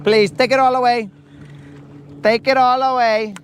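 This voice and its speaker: Man voicing a flamboyant Southern wedding planner, high, theatrical, slow. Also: fairly even intonation, a little hiss or hum. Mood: fussy, dramatic. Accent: Southern US, put on.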